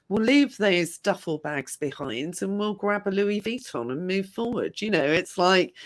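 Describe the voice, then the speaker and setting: A woman hosting an interview, speaking in an upbeat, conversational way. Her pitch is medium for a woman. She steers the talk with encouraging, motivational remarks. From United Kingdom. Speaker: interview host.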